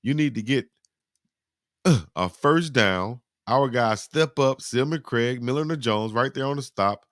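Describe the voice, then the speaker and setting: A man hosting a live football highlight reaction, giving animated, slangy play-by-play and talking to his chat. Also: measured pace, dry recording, studio quality. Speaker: sports reaction host.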